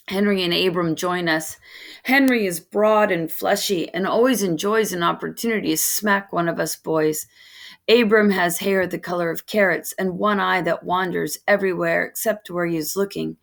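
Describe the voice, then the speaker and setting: Woman reading a novel, gravelly low voice. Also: normal speed. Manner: steady first-person narration. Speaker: reader of a novel. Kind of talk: reading a children's novel aloud.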